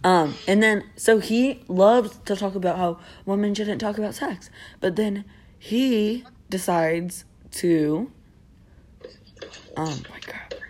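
A woman's voice: medium pitch, darkish tone. A young woman in casual chat with friends, rambling, giggly and sarcastic.

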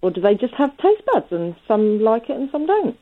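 A woman's voice: a little high, big pitch swings, normal speed. A woman calling a radio show with a plain-spoken, curious question. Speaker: caller. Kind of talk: phone-in call. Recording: tinny phone line.

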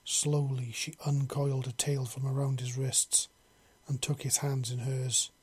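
Male narrator, husky, monotone, middle pitch, steady storybook reading. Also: a little slow.

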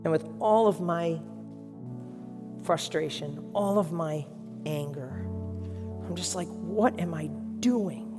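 A man's voice: on the high side, takes it slowly, pauses often, big-room sound, music in the background. A man preaching a sermon as pastor, telling stories in an earnest, emotional way.

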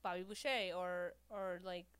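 A woman's voice: fairly low pitch, fairly even intonation, measured pace, fairly bright tone, smooth. A woman co-hosting a podcast, chatting casually about comedy movies and leaning on "like" as she talks. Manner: chatty, with frequent "like" fillers. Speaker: podcast co-host.

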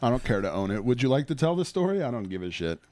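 A man's voice: medium pitch, very animated, racing, a little mellow. Chill guy on a podcast, jokey, cursing, voice bounces around a lot. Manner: laid-back, swears a lot, jokey. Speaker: podcast co-host. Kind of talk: casual chat.

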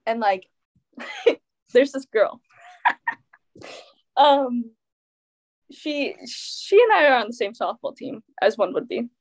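A teenage girl tells a personal story in relaxed, chatty talk. Her voice sits a little high, and she keeps it animated with quoted back-and-forth and constant fillers. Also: slow pace, pauses often. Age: teens. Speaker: teen guest. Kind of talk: casual chat.

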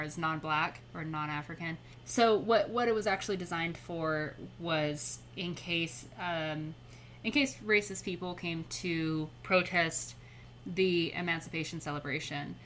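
A young adult woman speaking as a podcast guest in casual conversation, chatty and quick to laugh. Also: lowish voice, a bit bright, a little hiss or hum.

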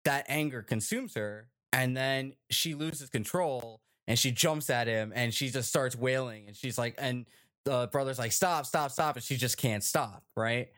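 A man hosting a casual group chat show, talking in an animated, rambling way with many fillers and tag questions. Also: medium pitch, unhurried. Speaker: podcast host.

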